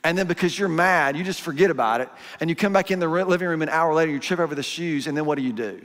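Middle-aged male pastor, fairly high voice, chatty sermon in a big reverberant hall. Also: quick pace, a bit bright. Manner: conversational, acts out parents and kids in asides. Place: church auditorium.

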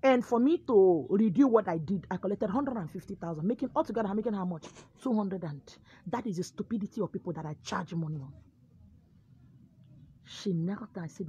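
A woman with a Nigerian accent telling a comic first-person story, dramatic and lively. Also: mid-range voice, brisk, breathy edge. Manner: dramatic, lively, code-switching.

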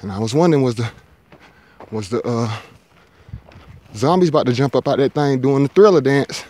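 Laid-back hiking vlogger, a bit winded. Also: male voice, mid-range voice, moderate pace, dark tone. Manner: laid-back, talkative, jokey. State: a little winded from climbing. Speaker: thru-hiker vlogger. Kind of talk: casual hiking vlog. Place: outdoors on a forested mountain ridge.

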